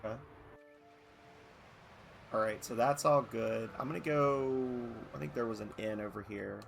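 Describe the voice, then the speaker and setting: A man's voice: mid-range voice, measured pace, vocal fry, slight background noise. A man casually commenting on a video game, reading its dialogue aloud and making chatty, wry asides. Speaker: let's play host.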